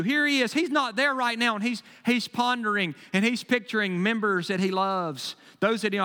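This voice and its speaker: A man preaching from the pulpit, his voice high and bright with a sharp edge. He swings from ringing, emphatic bursts down to quieter, folksy asides. The sanctuary's long reverb trails after every line. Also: normal speed, few pauses, smooth. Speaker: pastor. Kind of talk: sermon. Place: church sanctuary.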